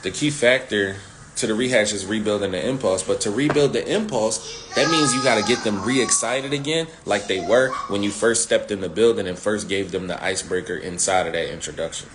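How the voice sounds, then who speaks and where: A man teaching sales techniques in an animated way, repeating key phrases and talking with slang. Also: lowish voice, fairly quick, noisy background. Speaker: sales coach.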